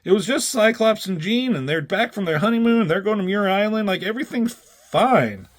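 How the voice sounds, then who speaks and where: A man voicing a relaxed male superhero who brushes things off, while retelling a comic. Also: sits high, moderate pace, pitched above the performer's own voice. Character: easygoing male superhero, laid-back.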